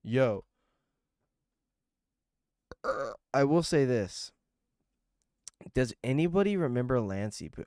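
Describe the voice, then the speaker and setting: A man's voice: mid-range voice, animated, takes it slowly, pauses often, a little mellow, dry recording, clean studio sound. A young man streaming and chatting loosely with viewers, swearing and getting irritated as he rambles. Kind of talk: casual livestream chat with viewers.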